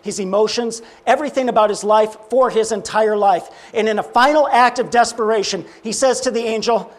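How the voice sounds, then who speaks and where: A man preaching, telling a parable and acting out its dialogue, often dropping low and quiet. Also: fairly quick. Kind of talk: sermon storytelling.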